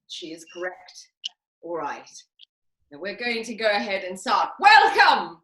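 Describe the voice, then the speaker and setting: A woman's voice: medium pitch, big pitch swings, takes it slowly, bright, forceful tone, echoey room, full character voice. A woman playing a self-important, grandiose theatre dame who hosts a comic master class over a video call. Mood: grand. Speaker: host of a live online master class. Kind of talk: comic character performance.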